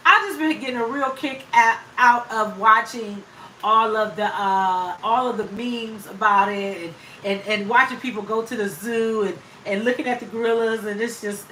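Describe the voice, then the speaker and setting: Bright-voiced woman chatting on a live stream. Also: a little high, slight background noise. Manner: chatty, greets viewers by name, laughs often. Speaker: livestream host. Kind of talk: casual live-stream chat. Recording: echoey room, voice from off the mic.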